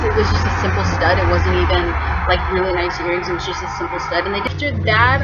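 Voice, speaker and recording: A young woman from California chatting casually to the camera in a home vlog, rambling with many ums and likes and laughing now and then. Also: mid-range voice. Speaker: vlogger. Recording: muffled home video with steady background noise.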